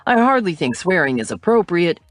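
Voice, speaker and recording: A woman's voice: fairly low pitch, sing-song, brisk, no echo, faint music behind. A woman voicing a young man with a dry, wry way of speaking.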